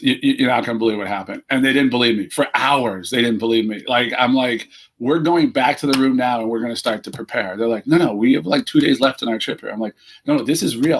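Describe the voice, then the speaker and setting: Husky-voiced man telling animated stories. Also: medium pitch. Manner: animated anecdotes, acting out quoted exchanges. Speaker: esports team founder and CEO. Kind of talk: casual interview storytelling.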